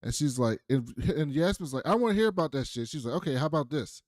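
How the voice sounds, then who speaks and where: Speaking quickly in a slightly high voice, this man co-hosts a laid-back TV recap podcast, recounting scenes in a lively way and voicing the characters' dialogue. The recording is dry and studio quality.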